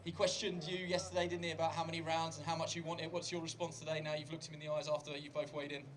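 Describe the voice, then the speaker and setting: A man interviewing boxers after a weigh-in, asking quick, even questions. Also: fairly high pitch, noisy background.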